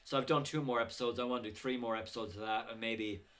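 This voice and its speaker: A man's voice: medium pitch, fairly even intonation, fast talker, a bit bright. A man talking casually on his filmmaking vlog, telling rambling anecdotes full of chuckles and fillers. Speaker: indie filmmaker.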